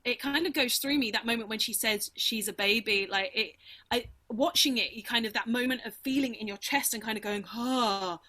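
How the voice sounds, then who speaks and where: Young female guest, bright voice, thoughtful and halting. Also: fairly high pitch. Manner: reflective, halting, many "like" fillers. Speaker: podcast guest. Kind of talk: casual film review chat.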